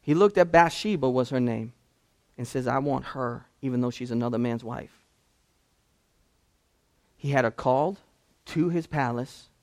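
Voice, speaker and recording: A man's voice: mid-range voice, measured pace, long pauses. A man, a pastor, preaching a conversational sermon that swings from casual asides to impassioned climaxes.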